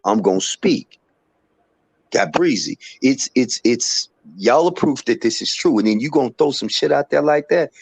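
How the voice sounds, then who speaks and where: A man's voice: medium pitch, expressive, moderate pace, vocal fry, few pauses, slightly rough, no room sound. A man in casual live-stream chat who talks in an earnest, rambling, somewhat preachy way. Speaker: co-host.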